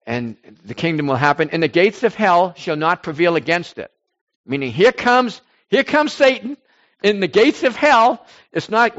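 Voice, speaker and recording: A man preaching informally to a small group, rambling and animated, swinging between loud bursts and soft asides. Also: high voice, moderate pace, muffled recording. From United States.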